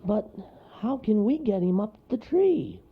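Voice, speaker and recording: A man voicing a small excited male animal in a storybook, high and squeaky. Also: a little slow, breathy edge, full character voice. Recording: lo-fi recording.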